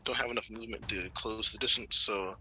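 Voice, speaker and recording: Male player, low pitch, very bright tone, casual and laughing. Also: fairly even intonation, fairly quick, low-quality recording. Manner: chatty, laughs often. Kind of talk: casual tabletop play.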